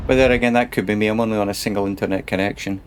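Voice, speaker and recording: A man's voice: on the low side, fairly even intonation, very fast, a little hiss or hum. A man casually commenting while he plays a truck game on a stream, chatty and muttering to himself.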